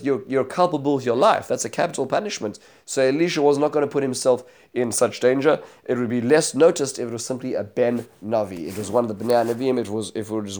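A man's voice: medium pitch, a little mellow. A man teaching a Bible study lesson, retelling the chapter as a story, voicing the quoted speakers, with many fillers and restarts.

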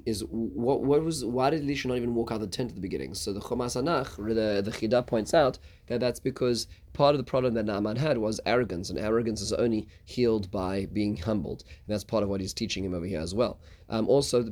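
A man teaching a casual Bible lesson, halting, with many stuttered restarts. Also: fairly low pitch, a little mellow. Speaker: Torah teacher.

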